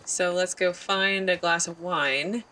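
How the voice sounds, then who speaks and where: A woman's voice: lowish voice, steady tone, slow, sharp tone, slight background noise. A woman hosting a let's play, giving casual, chatty and playful commentary on her gameplay.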